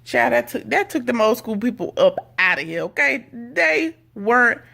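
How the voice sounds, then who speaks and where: Sassy woman with a gravelly edge. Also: fairly high pitch, lively intonation, moderate pace, bright, forceful tone. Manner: chatty, sassy, gossipy asides. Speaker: reality TV recap host. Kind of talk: casual episode recap commentary.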